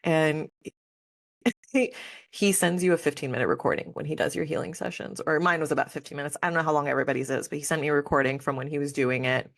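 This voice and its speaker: A woman's voice: sits low, fairly even intonation, quick pace, vocal fry, no echo. A young woman hosting her spiritual podcast, talking candidly and emotionally, full of casual fillers. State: near tears at times. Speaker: podcast host. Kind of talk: personal spiritual podcast monologue.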